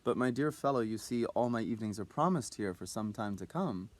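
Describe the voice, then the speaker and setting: Guy doing young office clerk, modest and careful, kinda quiet. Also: lowish voice, animated, brisk, natural voice. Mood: evasive.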